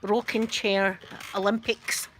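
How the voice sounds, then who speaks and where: A woman's voice: medium pitch, flat delivery, takes it slowly, a bit bright, a little hiss or hum. A Scottish woman chatting casually to a live audience from her rocking chair at home, rambling and laughing often. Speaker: YouTube live streamer.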